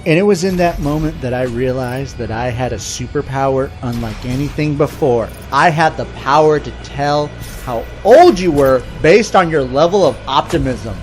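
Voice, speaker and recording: A man in his thirties telling a sarcastic, profane comedic rant over gameplay. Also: medium pitch. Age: 30s. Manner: sarcastic, profane, animated storytelling. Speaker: comedic commentator.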